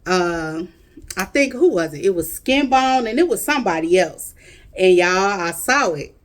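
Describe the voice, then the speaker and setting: A woman's voice: medium pitch, lively intonation, measured pace. A woman with a Chicago accent chatting casually with her viewers, drawling her words in a friendly, talkative way. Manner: drawling, chatty, addresses viewers as y'all and honey. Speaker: vlogger.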